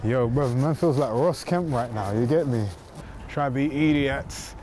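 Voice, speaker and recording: A man's voice: medium pitch, unhurried, a little mellow, a little hiss or hum. A man hosting in a slangy, joking casual chat. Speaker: host.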